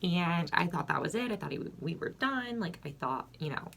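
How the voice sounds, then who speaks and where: Young woman vlogger, kinda low voice, super chatty storytime, says like constantly, blunt. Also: animated, normal speed, gravelly, fairly bright tone. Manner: chatty, filler-heavy with constant "like"; frank and blunt. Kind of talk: casual get-ready-with-me storytime.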